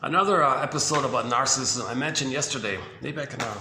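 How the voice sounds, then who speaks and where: A video host with a medium-pitched voice talks fast in a rambling, casual way about psychology, thinking aloud and restarting often. The recording has a roomy echo and faint hiss.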